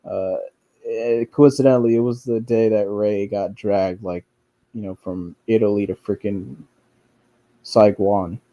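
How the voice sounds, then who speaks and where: Rambling, profane man with a mellow voice. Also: on the low side, fairly even intonation, unhurried, no room sound. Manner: profane, rambling, with frequent restarts and fillers; mocks others by quoting them in a whiny voice. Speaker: streamer commenting on online drama. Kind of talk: casual rambling commentary.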